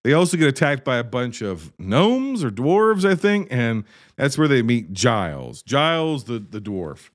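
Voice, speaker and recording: A man's voice: mid-range voice, very animated, measured pace. A man giving a profane, sarcastic comedic recap of a movie, exasperated and swearing freely. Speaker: movie reviewer.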